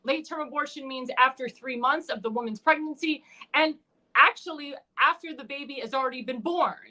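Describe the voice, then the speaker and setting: A woman's voice: high voice, a little fast, pushed and bright. A woman hosting her own livestream, giving impassioned political commentary with frequent fillers and restarts. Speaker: livestream show host. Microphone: home livestream mic.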